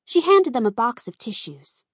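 A woman reading a children's storybook aloud, slow and expressive. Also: a little high, slightly rough, no room sound, clean studio sound. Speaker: narrator.

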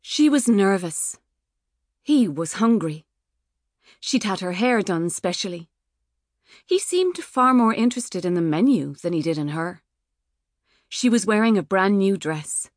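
A woman reading an audiobook in a measured, wry manner. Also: medium pitch, lively intonation, no echo, studio quality. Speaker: audiobook narrator. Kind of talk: scripted narration. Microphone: studio microphone.

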